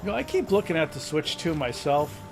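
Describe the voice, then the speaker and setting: Middle-aged man, New Haven accent, rambling chatty streamer, loud game music behind. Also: a little high, expressive, a little fast, vocal fry. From Connecticut. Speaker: gaming streamer. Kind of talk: casual chat while playing.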